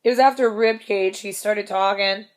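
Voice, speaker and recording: A woman's voice: mid-range voice, steady tone, moderate pace. Chatty young woman swearing through a story. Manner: chatty, swears a lot, laughs often, acts out quotes. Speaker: concert fan telling a story. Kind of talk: casual storytelling vlog.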